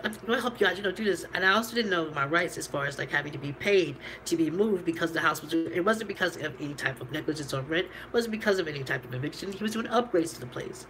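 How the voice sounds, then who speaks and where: A woman's voice: fairly low pitch, animated, quick pace, hardly any pauses, fairly bright tone, faint music behind, low-quality recording. A woman vlogger telling a candid personal story, rambling and profane, laughing between lines.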